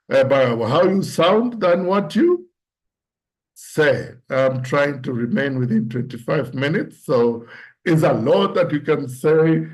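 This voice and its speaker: A man teaches how the voice carries meaning. He speaks slowly and unhurriedly, in a slightly higher register, and now and then acts out example phrases to show tone. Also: a little mellow. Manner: deliberate, demonstrates pitch and tone examples aloud. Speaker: public speaking coach. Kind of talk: instructive talk on voice and public speaking.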